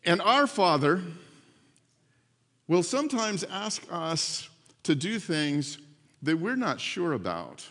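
A man preaching to his congregation, his fairly high voice carrying long reverb through the hall. He tells stories with energy and slips into the voices of the people in them. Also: slow, long pauses. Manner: storytelling, animated, acts out voices. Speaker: pastor. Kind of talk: sermon.

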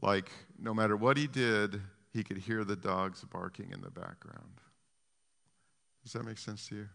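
Preacher: man, low gravelly bright voice, impassioned, hushed-to-loud swings, long hall reverb. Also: steady tone, unhurried. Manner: repetitive, restarting phrases. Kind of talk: sermon.

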